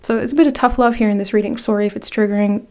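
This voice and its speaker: Warm-voiced woman giving a tarot reading. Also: medium pitch, fairly even intonation, very fast. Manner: rambling, with many "like"s and restarts; direct second-person encouragement. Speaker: tarot card reader. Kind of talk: casual pick-a-card reading to the viewer.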